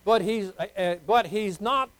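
Older guy preaching a sermon, kinda high voice, goes quiet then punches points loud, folksy jokes. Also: measured pace, poor audio. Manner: swings between soft low asides and loud emphatic points; folksy, joking asides. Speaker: pastor.

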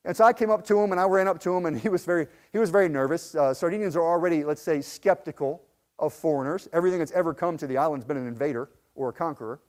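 A man with a high voice preaches a sermon, telling a personal story. He pushes hard on his key lines, then drops to a soft, low register, often stumbling over and repeating his words. He sounds like a pastor speaking from the heart. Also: racing. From United States. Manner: earnest, builds to emphatic peaks, then drops low and soft; frequent restarts and repeated words.

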